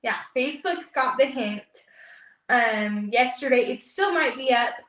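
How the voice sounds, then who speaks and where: Chatty young woman, bright-pitched. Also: expressive, a little slow. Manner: chatty, giggly, reads comments aloud. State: pregnant with twins. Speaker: vlog co-host. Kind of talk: casual live-stream chat. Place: home office room. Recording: roomy echo.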